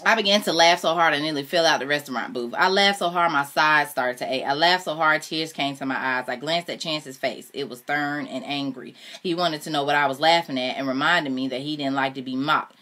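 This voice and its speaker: Female reader, low voice, steady first-person novel narration. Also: brisk, hardly any pauses. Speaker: audiobook reader. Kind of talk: reading a novel aloud.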